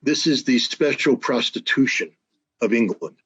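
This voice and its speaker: A man's voice: mid-range voice, lively intonation, normal speed, a bit bright, husky, dull audio. A man telling stories in casual conversation, emphatic, with frequent restarts. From United States. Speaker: guest, former weapons inspector.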